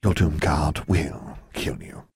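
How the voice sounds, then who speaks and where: A man's voice: extremely low pitch, sing-song, slow pace, creaky, darkish tone, breathy edge, no room sound, clean studio sound, full character voice. A man voicing a sly, mocking female prison warden with a serpent's tail, speaking in a languid drawl.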